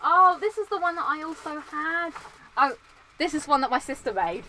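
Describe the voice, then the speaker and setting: A young woman from Britain chatting casually and excitably, looking through old belongings and coughing now and then from dust. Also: high-pitched, normal speed, a little hiss or hum, rough recording. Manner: chatty, excitable, sings entrance themes. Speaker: vlogger. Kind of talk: casual chat.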